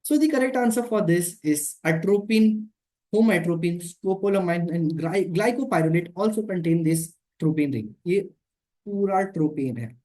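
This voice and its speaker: A woman with an Indian accent and a lowish, dark-toned voice teaches an exam-prep lecture. She moves between English and Hindi, repeats the key points, and explains as she draws structures.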